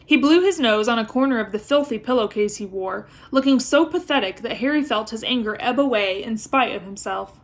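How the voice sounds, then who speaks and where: A woman reading a novel aloud with expressive storytelling. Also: on the high side, brisk, few pauses. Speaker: reader.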